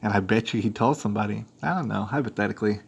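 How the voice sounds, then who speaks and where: A man's voice: on the low side, racing, creaky, husky. Rambling man hosting a live stream. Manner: rambling, speculative, many fillers and restarts. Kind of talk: casual commentary on news clips.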